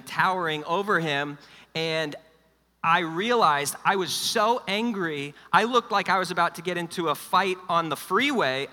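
A middle-aged man, lead pastor, preaching a sermon with energetic humor and quiet, personal stretches. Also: on the high side. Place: church hall. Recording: long hall reverb.

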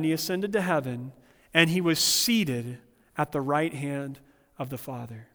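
A man's voice: high-pitched, fairly bright tone, long reverb tail. A man pastor preaching a sermon, earnest, with humorous personal stories.

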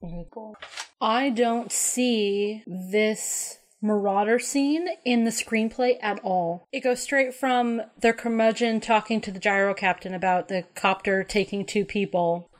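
A woman co-hosting a casual film commentary podcast, chatty and quick to react. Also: medium pitch. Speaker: podcast co-host.

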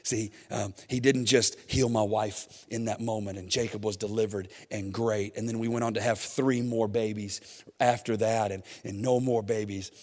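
A man in his thirties, a pastor preaching a sermon in an animated, emphatic way with many repetitions. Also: on the low side, normal speed, in a large hall.

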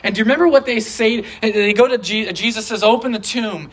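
A preacher delivering a sermon in an animated, conversational way, repeating phrases for emphasis. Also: mid-range voice, fast.

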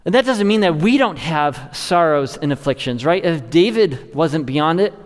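Male pastor, earnest sermon delivery, slightly high voice, long church reverb. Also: lively intonation, moderate pace, soft background music. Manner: earnest, rising to stress and dropping low to close a thought. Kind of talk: expository sermon.

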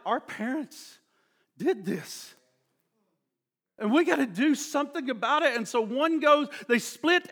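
Male pastor, high and bright voice, passionate sermon storytelling. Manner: impassioned, swings from hushed to shouting; storytelling with restarts and quoted voices.

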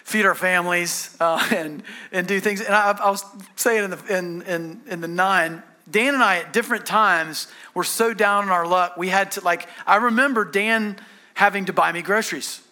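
A man's voice: high voice, moderate pace, pushed and bright. A man preaching a sermon, telling stories in a conversational way with frequent restarts. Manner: conversational storytelling with many restarts. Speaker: pastor.

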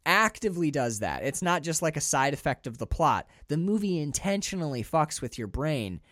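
A man co-hosting a podcast, talking through a film in a casual, animated, profane way. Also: on the high side, normal speed, dry recording, studio quality. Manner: animated, profane, restarts often. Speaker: podcast co-host.

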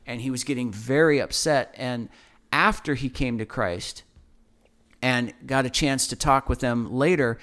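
A man's voice: medium pitch, unhurried, fairly bright tone. A man, a guest on a talk show, passionately telling a testimony story, repeating words as he goes.

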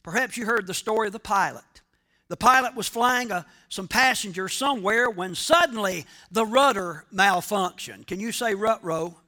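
A man's voice: high-pitched, normal speed, pushed and bright. A male pastor preaching a sermon, speaking emphatically and asking his congregation questions.

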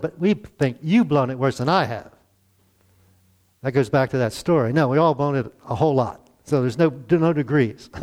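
A man's voice: fairly high pitch, a little mellow. A man in his sixties preaching a conversational church sermon, chuckling often and asking rhetorical questions. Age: 60s. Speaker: pastor.

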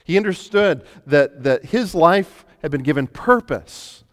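Guy pastor preaching a sermon, kinda halting, repeats words a lot, big church echo. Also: on the high side, animated. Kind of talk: sermon with personal storytelling. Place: church sanctuary. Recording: long hall reverb.

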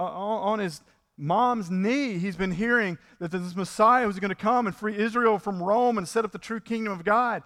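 A man's voice: high-pitched, fairly bright tone, big-room sound. A man preaching a sermon in a conversational way, acting out the people in the story with rising intensity. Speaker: pastor.

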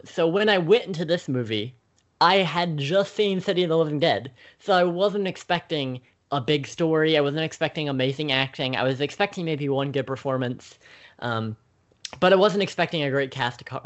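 A young man co-hosting a podcast who speaks in a measured, thoughtful way with frequent ums. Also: medium pitch, muffled recording. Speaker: podcast co-host. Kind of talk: casual conversation.

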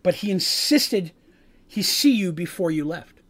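A man's voice: high voice, expressive, a little slow, a bit bright, full character voice. A man voicing a composed woman who is head cleric of a temple, speaking formally and politely. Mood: apologetic.

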